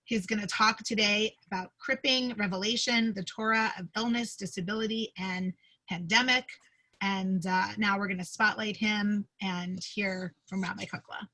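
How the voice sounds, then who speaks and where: Woman rabbi, bright tone, video call intro, emotional, halting delivery. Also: mid-range voice, fairly even intonation, low-quality recording. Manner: warm, emotional, halting with fillers. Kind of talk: livestream service introduction.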